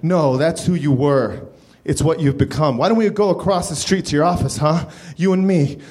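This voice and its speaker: A man's voice: fairly high pitch, normal speed, darkish tone, natural voice. A man voicing a pushy, exasperated young male cable thief who pleads and taunts. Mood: taunting.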